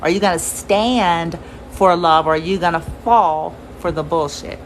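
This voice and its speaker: A woman giving a casual tarot reading to her viewers, blunt and quick to swear and laugh. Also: on the low side, slight background noise, low-quality recording. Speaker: tarot reader.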